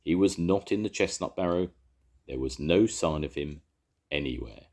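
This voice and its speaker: Brief: older male storyteller, very deep, husky, lively reading. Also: normal speed. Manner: expressive reading. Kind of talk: children's story read aloud.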